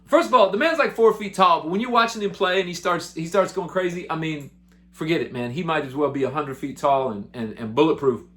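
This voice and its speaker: A male musician with a fairly high voice tells road stories to the camera. His delivery is loose, excitable and chatty, often rising with enthusiasm. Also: fairly quick. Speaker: musician and show host. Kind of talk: casual storytelling to camera.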